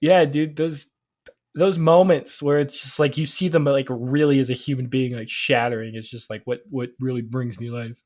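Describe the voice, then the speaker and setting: A man's voice: medium pitch, fairly even intonation, normal speed, darkish tone. A young man co-hosting a podcast, chatting casually, rambling with lots of fillers and restarts and laughing often. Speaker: podcast co-host. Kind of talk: casual chat.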